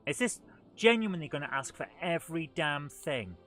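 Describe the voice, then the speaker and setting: A man's voice: a little high, very animated, measured pace, fairly bright tone, faint music behind. Exasperated man on a game stream. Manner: exasperated, grumbling. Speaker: live stream host. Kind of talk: live gameplay commentary.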